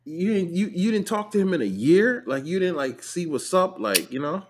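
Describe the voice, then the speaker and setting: A man co-hosting a podcast in casual chat, reacting quickly and cutting in. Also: sits high, over a noisy crowd. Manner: animated, quick to react and interrupt. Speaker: podcast co-host.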